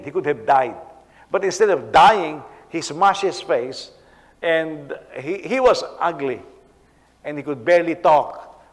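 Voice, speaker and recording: A man, a senior pastor, preaching a sermon in an animated, halting way, often repeating words as he goes. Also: on the high side. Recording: long reverb of a hall.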